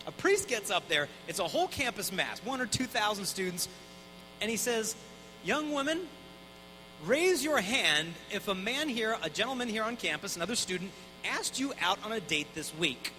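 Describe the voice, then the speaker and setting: A man in his thirties speaks to a conference crowd with a high, bright voice. He talks quickly and casually and acts out the people in his stories. Soft music plays faintly behind him. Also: rough recording. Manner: energetic, conversational, mimics voices in anecdotes. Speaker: Catholic speaker. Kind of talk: live conference talk. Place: conference hall.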